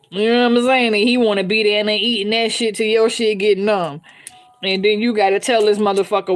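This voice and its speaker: A woman hosting a live stream, talking bluntly and with heavy swearing, laughing often and reading out viewer comments. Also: medium pitch. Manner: blunt, profane, laughs often, keeps checking in with listeners. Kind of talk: candid unscripted live-stream chat.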